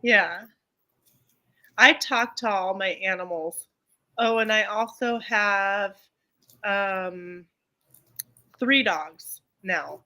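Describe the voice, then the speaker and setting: A middle-aged woman with a bright, forceful tone chats casually on a live stream. She rambles along with plenty of ums and restarts, and her voice sits at an ordinary middle pitch. The sound comes through a video call. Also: drawn-out words, long pauses. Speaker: co-host of a live chat stream. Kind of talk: casual chat.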